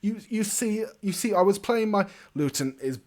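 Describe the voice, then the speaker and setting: Man doing a bubbly carefree bard. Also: moderate pace. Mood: pleading. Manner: bubbly, high and excited. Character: cheerful carefree male bard, older brother.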